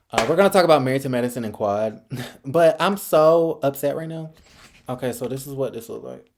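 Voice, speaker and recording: A man's voice: medium pitch, a little mellow. A man hosting a casual mukbang vlog, talking bluntly in slang while he eats. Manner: chatty, blunt and slangy, talks while eating. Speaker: vlog host.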